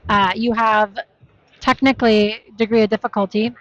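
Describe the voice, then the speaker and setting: A woman co-commentates in a loose, chatty way, joking and swearing now and then. Her voice sits fairly high. The audio is dull and lo-fi. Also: level tone, normal speed, no room sound. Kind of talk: casual live commentary.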